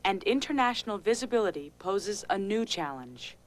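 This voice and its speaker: A woman's voice: medium pitch, sing-song, moderate pace, a little hiss or hum. Woman narrating a news magazine. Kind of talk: scripted narration.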